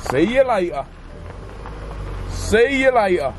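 A young man speaks in a high voice, filming a skit outdoors at night. Faint background noise sits behind him. He moves between loud pleading commands and a calm talk to the camera. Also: slow. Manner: shouting pleas and commands, then calm to-camera wrap-up. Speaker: vlogger. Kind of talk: acted skit vlog.

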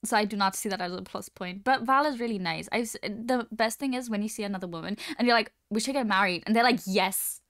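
A young woman hosting a livestream, telling stories in a chatty, animated way. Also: mid-range voice, fast talker, few pauses, no echo, clean studio sound. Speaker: livestream host. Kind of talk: casual chat.

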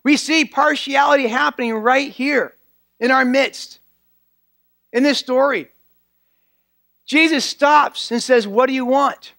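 A man's voice: very high voice, fairly even intonation, slow pace, creaky, long pauses, bright, forceful tone, dry recording, studio quality. A male pastor preaching a sermon in a church, earnest and repeating key phrases for emphasis.

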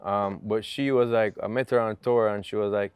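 A middle-aged Jamaican man telling stories in a relaxed, easygoing interview chat, laughing often. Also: on the low side, normal speed, clean tone, no room sound. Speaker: guest musician.

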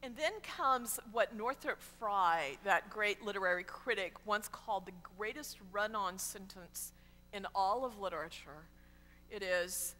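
A woman pastor preaching a sermon in a church, telling the story with wry humor and sudden quiet drops. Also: medium pitch, a little slow, long reverb tail. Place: church sanctuary.

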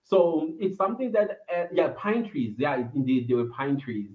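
A man's voice: a little high, sing-song, moderate pace. A man from Africa, hosting a livestream and telling a personal story in a reminiscing, meandering way with many fillers. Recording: echoey room over a tinny phone-like line.

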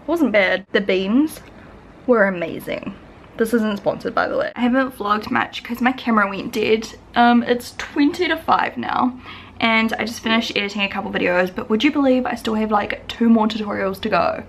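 Young woman, New Zealand accent, tired, chatty vlog talk, slightly high, gravelly edge. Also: normal speed, slight background noise. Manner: chatty, rambling, laughs often. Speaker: vlogger. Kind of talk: casual vlog chat. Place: home bedroom, indoors.

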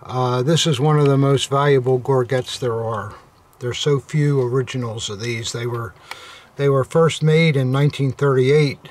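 An older man hosting a casual unboxing chat, halting and full of fillers, often breaking off in awe. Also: medium pitch, steady tone, darkish tone. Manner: hesitant, full of fillers and awed exclamations. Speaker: militaria dealer hosting unboxings.

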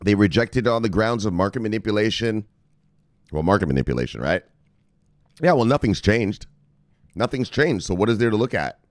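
Male crypto news host, low voice with big swings in pitch, swears and laughs, dry close sound. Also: no echo. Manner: animated, swearing, laughing, drawn-out asides. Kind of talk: casual profane news commentary.

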